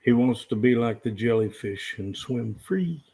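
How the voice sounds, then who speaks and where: A man's voice: mid-range voice, animated, a little slow, mellow, husky. A man co-hosting a homestead livestream, chatting casually and tossing in playful jokes. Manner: joking, playful asides. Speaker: homestead channel co-host.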